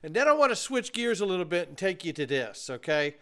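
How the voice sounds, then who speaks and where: A man's voice: high-pitched, very animated, brisk, a bit bright. A man hosting his own commentary channel, talking straight to viewers in an emphatic, opinionated way. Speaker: host of a crypto commentary channel. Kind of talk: casual commentary.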